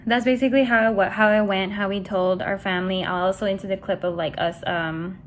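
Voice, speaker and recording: A woman's voice: medium pitch, steady tone, a little fast, a little hiss or hum. A young woman vlogger chatting casually while doing her makeup, rambling with lots of fillers and tossing in Spanish words. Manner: rambling, many "you know" and "like" fillers, mixes in Spanish words.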